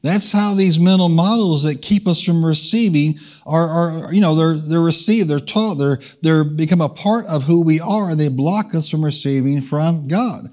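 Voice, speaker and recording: A man's voice: fairly high pitch, normal speed, few pauses, darkish tone. A man preaching a sermon, leading the congregation in call-and-response and changing his pace for emphasis. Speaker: pastor. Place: church.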